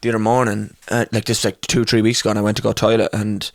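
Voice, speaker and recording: A man's voice: fairly low pitch, little pitch movement, fast, no echo. A man in his twenties with an Irish accent, a podcast co-host telling rambling, sweary stories in casual chat. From Ireland. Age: 20s. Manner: rambling storyteller, swears a lot, breaks into laughter.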